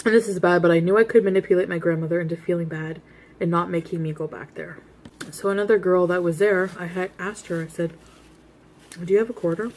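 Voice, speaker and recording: A woman's voice: fairly low pitch, steady tone, fast, darkish tone, slight background noise. A woman vlogger casually telling a rambling story to her viewers at home, full of asides and little laughs. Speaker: vlogger host.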